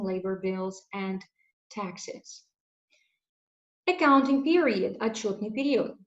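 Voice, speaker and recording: Higher-voiced woman teaching English vocabulary. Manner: clear, explanatory, gives translations. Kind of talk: vocabulary lesson. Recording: echoey room, dull lo-fi sound.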